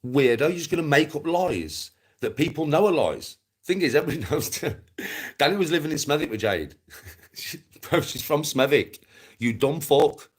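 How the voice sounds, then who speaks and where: A middle-aged Black Country man from England delivers an angry livestream rant at normal speed. His voice is fairly high, sing-song and breathy at the edges, and he's sweary, scornful and repetitive.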